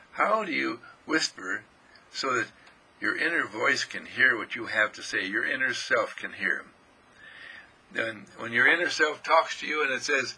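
A raspy, gravelly male minister preaches with a forceful, tense edge. His delivery is animated and lively, swinging up and down in pitch as he acts out a joyful inner voice. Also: poor audio. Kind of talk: recorded inspirational sermon.

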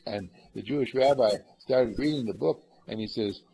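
A man's voice: normal speed, vocal fry, slightly rough, rough recording. A man giving an earnest, rambling spiritual talk to a group, with many fillers. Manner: acts out callers in lively higher voices. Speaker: spiritual teacher.

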